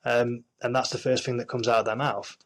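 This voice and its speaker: A man's voice: medium pitch, flat delivery, fairly quick, poor audio. A man with a Yorkshire accent, an actor and screenwriter talking earnestly as an interview guest, with many restarts and fillers. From Yorkshire, England. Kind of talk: casual interview chat.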